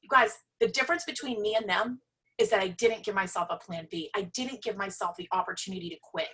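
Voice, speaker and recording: A woman giving a passionate, emphatic motivational pitch about her business. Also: fast, fairly bright tone, breathy edge. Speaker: presenter sharing her business story.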